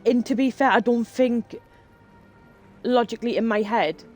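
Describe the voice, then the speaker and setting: A woman live streamer chats loosely while gaming, with rambling stories and casual swearing. Her voice sits fairly high, and soft game music plays in the background. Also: moderate pace. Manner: chatty, rambling storyteller who swears freely.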